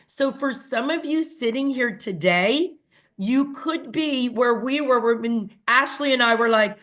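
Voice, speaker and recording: A woman's voice: sits high, animated, slow pace, fairly bright tone. A woman giving a motivational talk to her team, speaking earnestly to them and acting out conversations as she retells them. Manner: earnest, addresses listeners directly; acts out quoted dialogue with a raised voice. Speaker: team leader speaking to a sales team.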